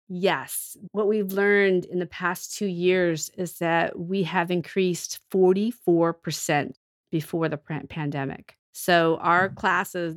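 A woman's voice: on the low side, no echo, studio quality. A woman with a cold, telling earnest stories as a ministry leader in a casual podcast chat. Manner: earnest storytelling with restarts. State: has a cold.

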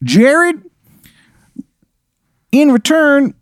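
Brief: a grating, squeaky Maryland-accented sleazebag, bad on purpose, dry close mic. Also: male voice, huge pitch swings, very slow, no room sound, full character voice. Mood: scheming. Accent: put-on Maryland accent, badly done. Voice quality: grating, shrill. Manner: wheedling, calls people hun. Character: sleazy trench-coated man with terrible accent. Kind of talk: improvised comedic storytelling.

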